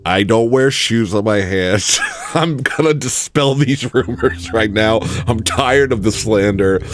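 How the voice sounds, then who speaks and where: A man's voice: on the low side, measured pace. A man hosting a livestream, rambling through a self-mocking comic monologue with theatrical outbursts. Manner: self-mocking, theatrical, bursts into sudden yells. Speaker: livestream host.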